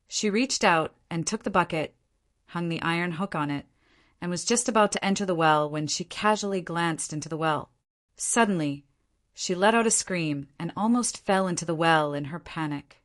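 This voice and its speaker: Low-voiced woman narrating an audiobook. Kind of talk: scripted narration.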